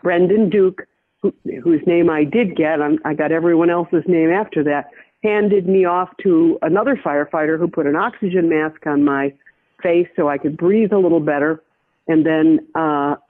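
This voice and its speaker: An older woman from the Midwest, a veteran journalist, telling a personal story in an interview in a measured, reflective way, often restarting her sentences. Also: deep voice. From American Midwest. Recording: tinny phone line.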